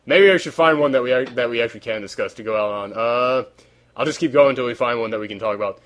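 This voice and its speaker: A man's voice: medium pitch, fast talker, a bit bright. A man hosting a casual podcast, worn out with a sore voice, rambling and searching for words. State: tired, sore voice. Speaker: podcast host. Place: hot room without air conditioning.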